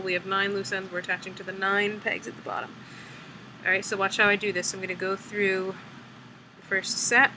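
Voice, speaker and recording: A woman's voice: mid-range voice, background noise. A woman hosting a craft tutorial, talking casually and steadily through each step while she works with her hands. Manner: chatty, talks while working with her hands. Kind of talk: step-by-step instructional walkthrough.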